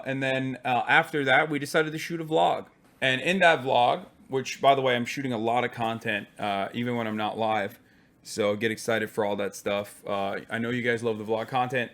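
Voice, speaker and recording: A man's voice: mid-range voice, fairly bright tone. Rambling, swearing male streamer. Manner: loose, rambling, swears freely. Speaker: live streamer. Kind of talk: casual stream chat.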